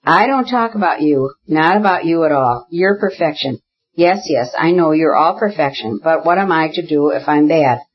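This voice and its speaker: A reader voicing Kitty, a proud young woman who speaks in impassioned, insistent bursts, with a husky voice. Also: medium pitch, expressive, normal speed, lo-fi sound. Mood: furious. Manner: impassioned, insistent, repeating herself. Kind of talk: audiobook character reading.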